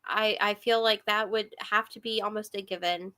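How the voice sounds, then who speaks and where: A woman's voice: mid-range voice, steady tone, normal speed, sharp tone, smooth. A woman hosting a book club chat, rambling and giggly, with lots of fillers. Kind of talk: casual chat.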